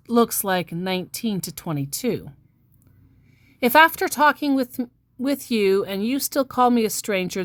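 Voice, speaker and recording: A male online scammer's friendly chat messages, read out by a woman in an unhurried, plain voice with no accent put on. The delivery is slow and even, and the sound is dry and close with little room around it. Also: mid-range voice, dry recording. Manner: reads the messages in her own plain voice, no accent.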